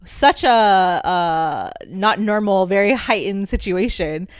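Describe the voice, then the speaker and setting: A woman's voice: medium pitch, slow pace, no echo. A young woman co-hosting a podcast, telling a story in casual chat and laughing often as she acts out what others said. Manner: giggly storyteller, animated quoting of others. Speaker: podcast co-host.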